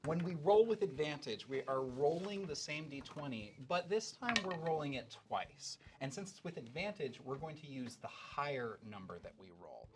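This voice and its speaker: A man game master describing scenes for his players. He talks in a relaxed, unhurried way with many fillers. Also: a little high, very noisy. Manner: relaxed, filler-heavy narration. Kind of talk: narrating a tabletop game.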